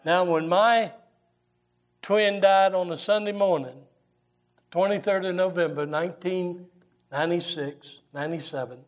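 An older man, a Baptist pastor preaching a sermon and telling folksy, animated stories. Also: high-pitched, a little slow, pauses often. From Southern US. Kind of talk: sermon with storytelling.

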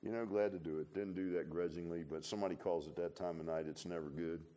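A man's voice: low voice, steady tone, quick pace, dark tone. A middle-aged man preaching a sermon in a folksy, conversational way, full of asides to the congregation. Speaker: pastor.

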